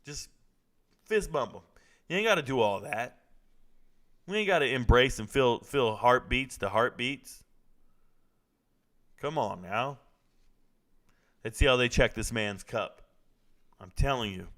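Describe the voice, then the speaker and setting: This young man's mid-range, slightly bright voice comes through as he hosts a live stream, reacting to a fight. He keeps things loose and chatty, joking with viewers in chat throughout his casual commentary.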